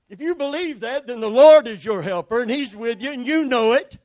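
A man's voice: extremely high pitch, animated, moderate pace, hardly any pauses, a little mellow. A man pastor preaching a sermon with emphatic repetition and calls for the congregation to respond.

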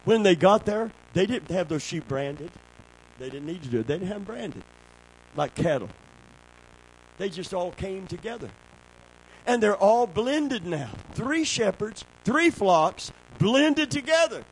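A man preaching a sermon, calling for amens and swinging between a low hush and a shout. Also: lively intonation, unhurried, slight background noise, low-quality recording.

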